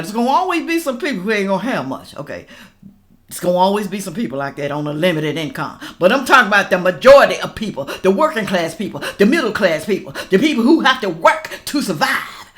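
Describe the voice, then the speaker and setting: A woman giving a casual reaction commentary, talking straight to her viewers in an animated, ranting way and laughing between remarks. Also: fairly high pitch. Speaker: political reaction vlogger.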